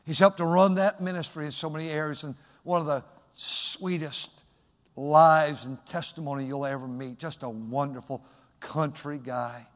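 Male pastor, high voice, fiery sermon, hushed stories then shouting, long hall echo. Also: steady tone, moderate pace. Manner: swings from hushed storytelling to shouted preaching.

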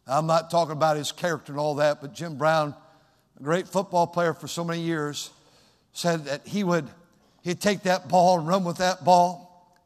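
A high-pitched man preaches a sermon in a church sanctuary. His voice echoes with a long hall reverb. He drifts between soft, low storytelling and loud, shouted calls to the congregation. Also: fairly even intonation, moderate pace.

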